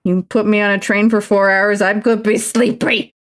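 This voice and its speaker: Streamer lady rambling along, tons of likes, swears a lot, mid pitch. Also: level tone, moderate pace. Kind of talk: casual chat while crafting.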